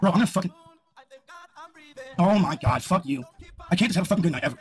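A man streaming his own gambling, excitable and swearing constantly, bursting into shouts. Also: high voice, fast talker, noisy background. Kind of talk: live-stream reaction.

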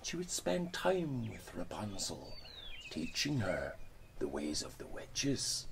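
A man's voice: fairly low pitch, huge pitch swings, takes it slowly, vocal fry, noisy background. Man telling a fairy tale, whispering and exclaiming. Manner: swings between hushed whispers and loud exclaims. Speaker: storyteller. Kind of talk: dramatic fairy-tale storytelling.

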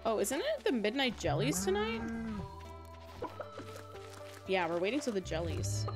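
A woman's voice: mid-range voice, wildly swooping pitch, a little slow, long pauses. Giggly young woman streamer, rambling. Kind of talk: casual live-stream chat while playing. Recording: game music playing behind. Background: game music.

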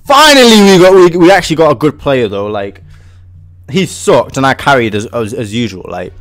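An English man giving excitable casual commentary while playing a game, shouting at his teammate. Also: mid-range voice, moderate pace, no echo, faint music behind. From England. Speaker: gaming video host.

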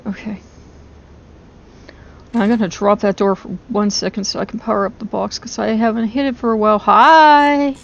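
A woman commenting on her own horror game playthrough into a close microphone, excitable and quick to shriek and laugh. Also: medium pitch, creaky, muffled recording. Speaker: gaming video host. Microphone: close desk microphone.

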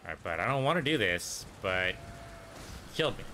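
A man's voice: lowish voice, sing-song, normal speed, noisy background. A man casually commenting on his own gameplay, thinking aloud and muttering to himself as he plays. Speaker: let's play gamer.

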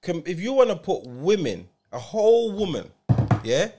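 A man's voice: high-pitched, sing-song, moderate pace, warm tone, faint music behind. A man, co-hosting a podcast, teasing and repeating himself in casual banter. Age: 40s. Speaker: podcast co-host.

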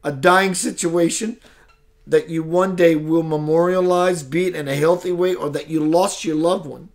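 A man hosting a live spiritual broadcast who talks in a slow, emphatic, preacherly way and reads out viewer comments. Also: on the high side, steady tone. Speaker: spiritual show host.

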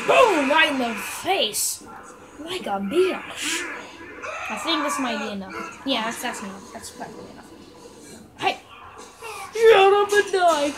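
High-voiced excitable young woman gaming. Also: very noisy. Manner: chatty, excitable, mocks enemies. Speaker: gamer. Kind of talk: casual gameplay commentary.

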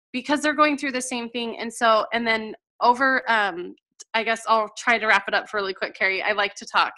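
A woman's voice: a little high, bright, forceful tone. A woman in her thirties telling her personal story in a chatty, emotional way, with lots of fillers. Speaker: guest coach sharing her story. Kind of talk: casual heartfelt testimonial.

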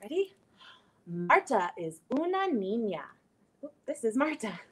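A woman hosting a children's storytime, reading a picture book and singing action songs in a playful, animated way. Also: fairly high pitch, unhurried, breathy edge, faint music behind. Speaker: library storytime host.

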